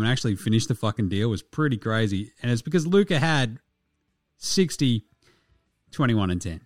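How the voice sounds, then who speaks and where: A man's voice: mid-range voice, no echo, studio quality. A young Australian man hosting a casual sports podcast, rambling and swearing with jokey asides. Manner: sweary, rambling, jokey, puts on quick silly voices. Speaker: podcast host.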